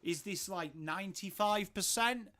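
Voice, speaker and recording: A man's voice: sits high, measured pace, sharp tone. A man with an English accent hosting a casual live-stream watchalong from home, chatting along and greeting viewers by name as he reacts to their messages. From England.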